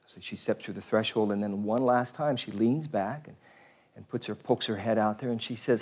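A low-voiced priest telling jokes during a homily. He speaks conversationally, storytelling with easy pauses and fillers. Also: fairly even intonation, a little mellow.

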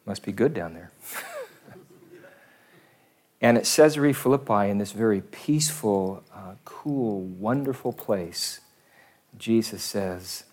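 A man's voice: lowish voice, unhurried, a little mellow. A man giving a casual, conversational sermon as a pastor, rambling with self-deprecating asides.

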